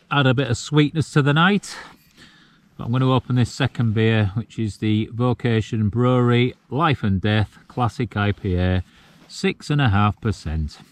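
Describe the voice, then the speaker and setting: Relaxed man in his forties outdoors. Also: medium pitch, a little hiss or hum. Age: 40s. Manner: relaxed, reflective, chuckling now and then. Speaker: solo wild camping vlogger. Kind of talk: casual chat to camera. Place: outdoors on a cold mountain at night.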